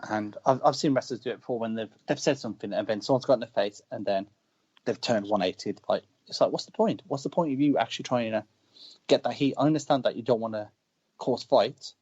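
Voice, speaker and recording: Brash husky man telling stories. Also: mid-range voice, fast, darkish tone. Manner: brash, boastful storytelling. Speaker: wrestler guest. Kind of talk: casual interview chat. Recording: dull lo-fi audio.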